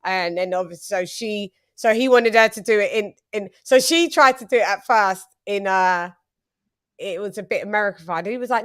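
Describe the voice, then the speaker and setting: A woman hosting a casual chat, telling lively stories and acting out what people said. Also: mid-range voice, a little fast. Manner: animated, storytelling with quoted voices. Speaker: host.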